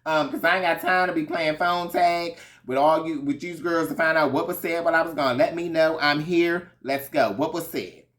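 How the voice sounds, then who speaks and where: Man voicing furious middle-aged wife, loud, indignant, high-pitched rant. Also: steady tone, moderate pace, hardly any pauses, close to an everyday voice. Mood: defiant. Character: fuming middle-aged woman defending her marriage.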